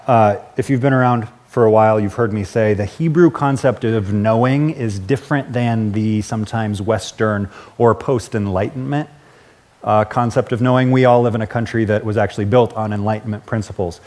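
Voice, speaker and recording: A man's voice: lowish voice, a little mellow. A male pastor giving a casual, conversational sermon, chuckling and correcting himself as he goes.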